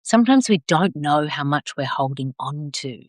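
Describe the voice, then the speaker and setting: A middle-aged woman leading a live video circle, gentle and affirming, drawing out her phrases as she reads out comments. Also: low-pitched, animated, normal speed, no room sound, studio quality. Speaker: circle facilitator.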